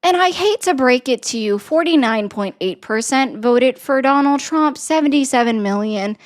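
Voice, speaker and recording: A woman's voice: high voice, expressive, normal speed. A woman hosting a political livestream, sarcastically answering viewer comments in a casual chatty way.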